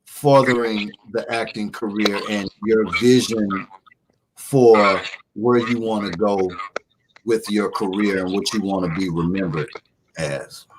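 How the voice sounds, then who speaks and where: A man's voice: lowish voice, fairly even intonation, a little slow, background noise. A man hosting a casual radio interview, laid-back and often chiming in with short replies. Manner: laid-back, frequent backchannels. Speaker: radio show host.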